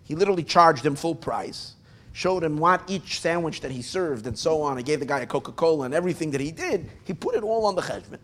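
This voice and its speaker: Animated man telling a tale. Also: fairly high pitch, quick pace. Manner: animated, swings between loud bursts and near-mumbled asides; frequent restarts and filler asides. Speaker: storyteller. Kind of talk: casual oral storytelling.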